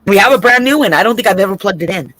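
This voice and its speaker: A woman's voice: mid-range voice, lively intonation, very fast, fairly bright tone, dry recording. A woman in casual chat on a video call, swearing freely, rambling and laughing as she tells stories during a trivia game. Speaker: co-host playing a trivia game.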